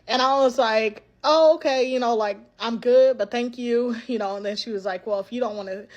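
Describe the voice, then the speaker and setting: Her voice a little high and her pace a little quick, a young woman chats through a personal story for her vlog. She's lively, acts out the quotes, and keeps throwing in "right?".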